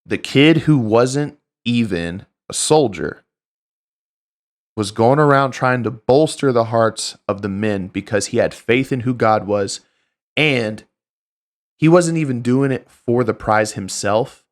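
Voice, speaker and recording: A man's voice: medium pitch, slow. A man hosting a show and giving a casual Bible teaching, talking conversationally with frequent restarts and asides. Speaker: host.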